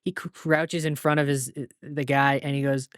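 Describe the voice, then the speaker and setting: A man's voice: medium pitch, level tone, normal speed, no echo, clean studio sound. A man co-hosting a podcast, retelling movie scenes in casual chat, with many fillers. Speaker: podcast co-host.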